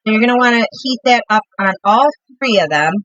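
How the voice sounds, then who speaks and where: A woman's voice: fairly high pitch, lively intonation, fairly quick, a bit bright, no room sound, lo-fi sound, faint music behind. A middle-aged woman hosting a live crafting demo, chatty and upbeat, talking through each step while she works.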